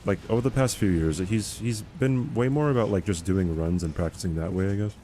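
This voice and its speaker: Streaming a game, this man answers chat questions in a loose, rambling way. His voice is lowish and mellow, he talks a little fast, and a faint hum sits behind him.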